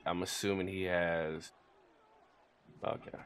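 A young man giving casual running commentary over a football video game, trash-talking and yelling when heated. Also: deep voice, flat delivery, takes it slowly. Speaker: gaming YouTuber. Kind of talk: live gameplay commentary.

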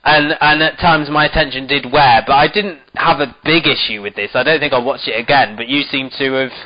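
A man's voice: medium pitch, a little fast, muffled recording. A man co-hosting a casual review chat, hedging and restarting often as he explains his view. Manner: hedging, restarts, many "sort of" fillers. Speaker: podcast co-host.

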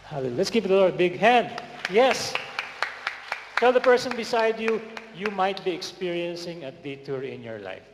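A man preaching to a congregation with energetic call-and-response, recorded in a large hall. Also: high voice, normal speed. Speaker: guest preacher. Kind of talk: sermon. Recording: echoey hall with faint noise.

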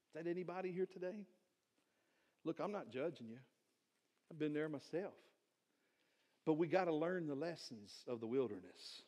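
A man's voice: fairly high pitch, lively intonation, normal speed, long pauses, darkish tone. A male pastor, preaching a sermon to his congregation and building one rhetorical question on another. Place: church sanctuary.

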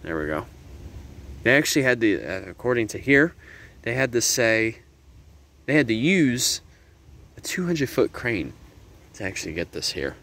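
A man's voice: big pitch swings, moderate pace, pauses often, fairly bright tone, low-quality recording. A man giving easygoing, explanatory commentary on a nature walk by a river, loose with fillers, recorded on a handheld camera mic outdoors. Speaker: nature vlogger. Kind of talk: walking nature tour commentary. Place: outdoors by a river in a windy garden. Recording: wind rumble on outdoor mic. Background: wind noise.

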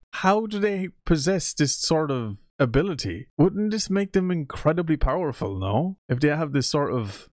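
A man's voice: mid-range voice, darkish tone, dry recording, studio quality. A man reacting to a video in casual commentary, incredulous and swearing freely.

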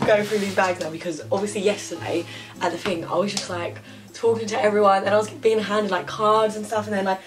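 A woman's voice: mid-range voice, steady tone, fairly quick, long pauses, faint music behind. A young woman chatting to camera in her bedroom, telling a story full of fillers. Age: young adult. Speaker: vlogger. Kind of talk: casual chat to camera.

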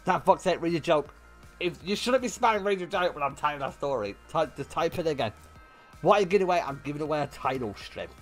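A young man livestreaming, telling a story to his chat in an animated way with lots of swearing and bursts of laughter. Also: fairly high pitch, quick pace, faint music behind. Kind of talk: casual storytelling to stream chat.

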